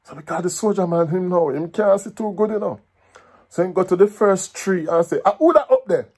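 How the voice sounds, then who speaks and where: A Jamaican man telling a folk story in patois, with a lively, animated delivery. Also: high-pitched, brisk, slightly rough.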